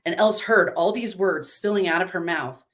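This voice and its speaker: A woman narrating a dark story at a live reading, in a low, measured voice.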